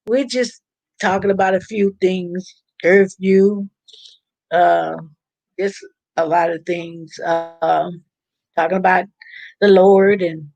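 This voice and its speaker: A woman's voice: mid-range voice, no room sound. A woman hosting a casual live stream, chatting informally and reading out viewer comments. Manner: chatty, informal, preachy about faith.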